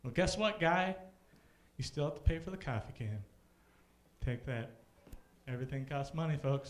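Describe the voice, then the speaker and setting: A man hosting a stand-up comedy show on a comedy club stage, animated, bursting into shouted mock rants. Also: medium pitch, moderate pace.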